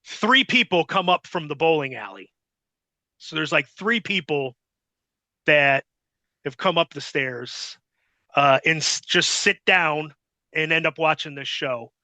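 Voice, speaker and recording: A man's voice: on the high side, expressive, measured pace, long pauses, sharp tone, dry recording. A middle-aged man telling a long casual anecdote as a podcast guest, rambling with many fillers and acting out what others said. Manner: rambling, filler-heavy, acts out quotes.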